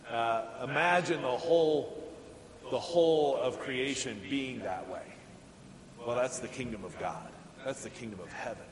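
A crowd is audible behind a middle-aged male pastor preaching informally in a church sanctuary, laughing often and leaning on fillers. His medium-pitched voice moves a little slowly, and the hall is echoey.

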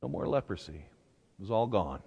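Animated man preaching in an echoing church. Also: low-pitched, fairly quick, gravelly, breathy edge, dull audio. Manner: conversational, animated, acts out shouted quotes, chuckles. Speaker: pastor. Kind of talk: sermon. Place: church sanctuary. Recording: church hall reverb.

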